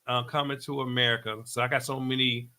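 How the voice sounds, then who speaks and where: Bright-voiced comedian man from Oakland. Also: mid-range voice, quick pace. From Oakland, California. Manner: animated storyteller, slangy, playful. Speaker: comedian guest. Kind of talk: casual talk show interview.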